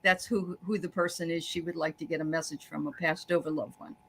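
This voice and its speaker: An older woman hosting a medium session, chatting casually and passing on messages, quick to affirm and laugh. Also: low voice, fairly even intonation, gravelly, breathy edge. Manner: affirming listener, lots of mm-hmms, easy laughs. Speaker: host and medium. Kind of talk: casual chat.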